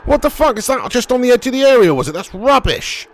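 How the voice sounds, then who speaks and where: A man commentating his football game live and reading out chat messages, excitable and swearing. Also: extremely high pitch, quick pace. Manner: excitable, swears, cheeky banter. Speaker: gaming streamer.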